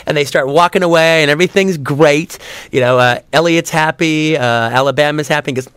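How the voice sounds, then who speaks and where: A man's voice: fairly high pitch, brisk, a bit bright, clear, resonant tone, no echo. A man giving a casual audio commentary on a film, rambling with many fillers and restarts and acting out audience reactions in a raised voice.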